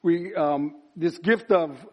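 A man preaching at a church service, his voice sitting somewhat high for a man. He works up to emphatic, chanted repetitions. The recording sounds dull and lo-fi. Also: slow pace. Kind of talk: sermon.

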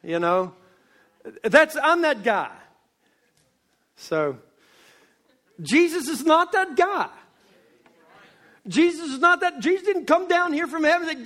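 A male pastor preaching a sermon, swinging between loud emphasis and hushed asides. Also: very high voice, expressive. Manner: slow, drawn-out delivery.

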